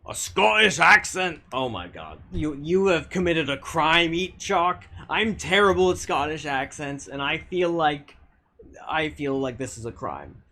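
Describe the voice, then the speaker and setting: A man's voice: a little high, lively intonation, measured pace, vocal fry, pushed and bright. A man streaming a game and talking casually with his viewers, arguing bluntly and swearing often, with frequent restarts. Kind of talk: casual live-stream chat reading viewer comments.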